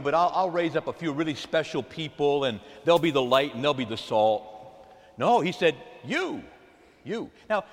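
Animated male preacher in an echoing church. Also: on the high side. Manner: animated call-and-response with the congregation. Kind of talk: sermon. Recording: long hall reverb.

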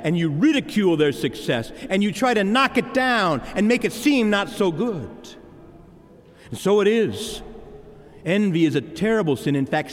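A man preaching a sermon, emphatic and animated, speaking straight to the congregation. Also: sits high. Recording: reverberant hall.

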